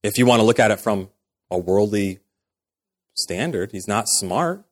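A man's voice: on the low side, lively intonation, unhurried. A man in his thirties, a pastor giving a sermon in a conversational way, acting out quoted dialogue as he goes.

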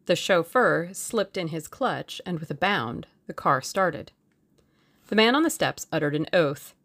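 A woman narrating an audiobook in a measured, steady storytelling way. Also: fairly low pitch.

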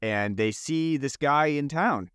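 A man co-hosting a podcast talks slowly in a slightly high voice with a fairly bright, clear, and resonant tone. In this casual, sarcastic chat reviewing a holiday movie, he keeps restarting what he says, and the clean studio audio carries no room sound.

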